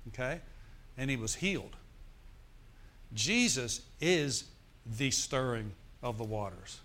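Taking it slowly in a mid-range voice, a pastor delivers a sermon full of animated stories, even acting out forced laughter. He drops in call-and-response asides for the congregation.

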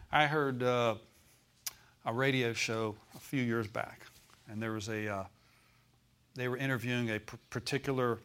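A man preaching a sermon to his congregation in an easy, folksy way. His voice sits in a middle pitch, and he asks for amens and has the room repeat lines back to him. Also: fairly bright tone. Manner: preaching with call-and-response, folksy phrasing. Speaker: pastor.

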